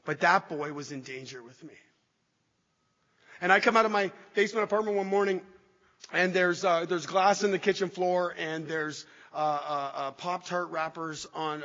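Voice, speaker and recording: A man giving an emotional recovery testimony to an audience, halting and restarting as he speaks. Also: on the high side, pushed and bright. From Canada. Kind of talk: personal testimony talk to an audience. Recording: dull echoey hall recording.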